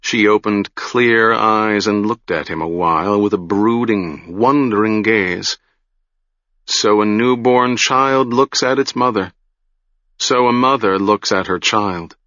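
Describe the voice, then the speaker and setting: A man narrating a fantasy audiobook in a measured, deliberate storytelling manner. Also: fairly low pitch, pushed and bright, dry recording, lo-fi sound.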